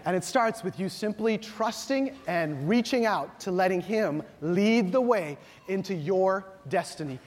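High-voiced preaching man in echoing hall. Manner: call-and-response preaching, animated, acting out dialogue. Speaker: pastor. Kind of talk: sermon. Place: church sanctuary. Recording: long hall reverb with faint music.

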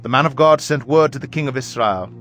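A man reads scripture aloud at a measured, even pace. His voice sits at an ordinary middle pitch for a man. Soft music plays quietly behind him. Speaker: Bible reader. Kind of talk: scripture reading. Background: faint background music.

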